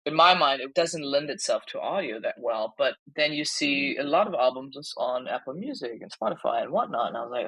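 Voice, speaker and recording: Brief: comedian woman, animated storyteller, close dry mic. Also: very deep voice, normal speed, husky, no echo, poor audio. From Germany. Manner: animated storyteller, quotes herself often. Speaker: stand-up comedian, guest. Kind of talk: casual podcast chat.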